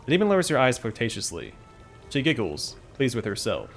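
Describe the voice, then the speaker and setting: A man's voice: mid-range voice, huge pitch swings, a little fast, gravelly, faint music behind. A man hosting a let's play, reading the game's narration aloud and adding casual asides. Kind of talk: reading game text and commenting while playing.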